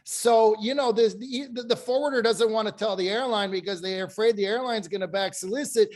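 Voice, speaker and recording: Animated storytelling man on a panel. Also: high voice, brisk. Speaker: webinar panelist. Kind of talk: panel discussion.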